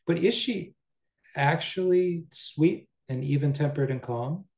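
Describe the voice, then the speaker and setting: A man's voice: on the high side, a little slow, darkish tone, pitched above the performer's own voice. A man voicing a shrewd young maidservant who muses calculatingly, then denounces her mistress. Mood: musing. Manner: musing, calculating inner thoughts. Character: shrewd, scheming young woman, a household servant. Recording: roomy echo.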